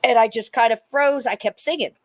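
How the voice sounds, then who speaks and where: A middle-aged woman co-hosting a podcast, telling a personal story in casual chat and acting out the quoted lines in a high, excited voice. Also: a little fast, dry recording. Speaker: podcast co-host.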